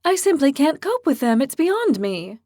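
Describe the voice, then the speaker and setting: A woman's voice: high-pitched, sing-song, moderate pace, dark tone, no room sound, studio quality, voice pushed up. A woman voicing a hot-tempered young horned woman who speaks bluntly and sarcastically. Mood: exasperated.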